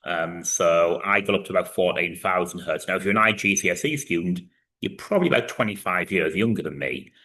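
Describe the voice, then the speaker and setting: Low, bright-voiced male physics teacher. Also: lively intonation, fairly quick. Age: 30s. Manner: explains step by step with frequent fillers. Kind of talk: recorded online lesson.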